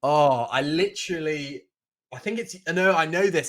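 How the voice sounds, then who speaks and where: A man's voice: on the high side, moderate pace, a bit bright. Chatty man guesting on a cricket podcast. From half English, half South African. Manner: chatty, laughs often, self-correcting. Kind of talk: casual cricket chat.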